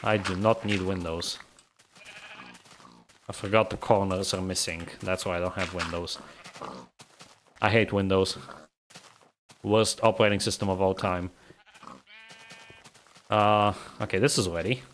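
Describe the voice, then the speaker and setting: A man's voice: sits low, fairly even intonation, measured pace, long pauses, a bit bright, slight background noise. A man from the Balkans, streaming a game and chatting casually, grumbling and rambling as he laughs at himself.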